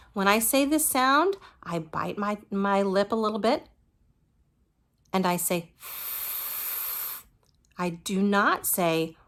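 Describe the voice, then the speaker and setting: A woman's voice: medium pitch, fairly bright tone. A woman teaching a phonics lesson to young children, patiently modeling each letter sound and praising the listener.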